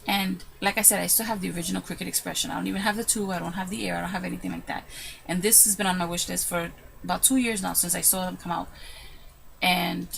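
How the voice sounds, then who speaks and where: A woman crafting vlogger telling a story in a casual, excitable way, recorded in her room at home. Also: fairly low pitch, quick pace, gravelly, slight background noise, rough recording. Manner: chatty, excitable, retells with quoted asides.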